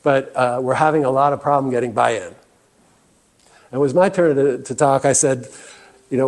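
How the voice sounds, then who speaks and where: A man's voice: mid-range voice, moderate pace, long pauses. A man giving a presentation talk as guest speaker, earnest and often restarting with fillers. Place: meeting room.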